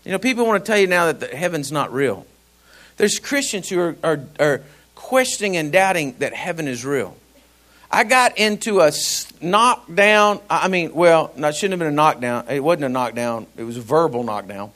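A male pastor, telling a personal story in a sermon, laughing and animated. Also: a little high, moderate pace.

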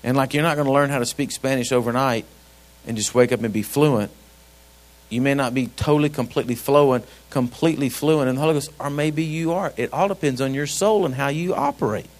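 A man's voice: medium pitch, fairly quick. A middle-aged man preaching a sermon in a folksy, conversational way, throwing rhetorical questions at his congregation. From grew up on a ranch.

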